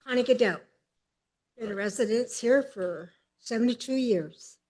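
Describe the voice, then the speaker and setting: A woman in her seventies speaking at a city council meeting, emphatic and upset, pausing as she tries to hold herself together. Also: a little high, a little mellow. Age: 70s. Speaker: public commenter. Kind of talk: public comment at a council meeting.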